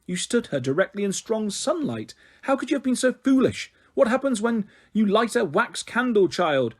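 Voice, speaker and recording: A man's voice: sits high, expressive, brisk. A man reading a storybook, voicing a stern, reproachful middle-aged father.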